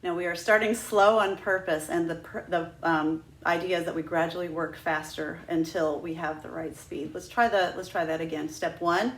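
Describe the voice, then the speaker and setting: In an echoey room, a woman gives flute instruction in a lowish, fairly even voice at a moderate pace with few pauses. She walks her students patiently through each step, demonstrating and singing "ha ha" drills.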